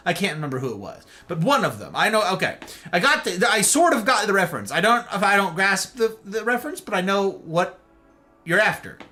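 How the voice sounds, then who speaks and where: A man chatting casually with viewers on a live stream, playful and jokey, his pitch swooping up and down. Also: sharp tone.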